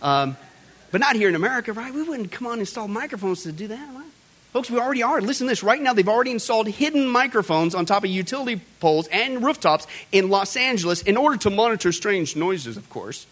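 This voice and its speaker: A man with a high speaking voice hosts a commentary show. He preaches emphatically and keeps calling out to his listeners in a folksy way. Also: big pitch swings, quick pace, fairly bright tone. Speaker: host. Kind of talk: preaching commentary on current events.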